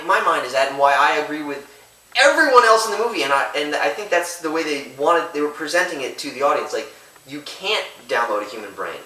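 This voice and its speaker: A man's voice: a little high, pushed and bright, far from the mic. A man giving a casual, rambling movie review, often breaking off and restarting his thoughts. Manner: rambling, chatty, self-interrupting. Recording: echoey room, away from mic.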